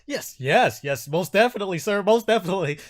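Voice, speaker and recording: A man's voice: high-pitched, expressive, fast, pitched above the performer's own voice. Man doing a panicky, stammering NPC man. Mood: eager. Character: frightened pleading adult man NPC.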